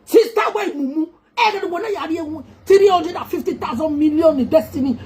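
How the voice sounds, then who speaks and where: Woman, high-pitched voice, pleading and emotional, mixes languages, begging appeal. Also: moderate pace, a little mellow, a little hiss or hum. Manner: pleading, emotional, mixes English with Nigerian Pidgin and local language. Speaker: entertainer appealing to two public figures. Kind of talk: impassioned spoken plea.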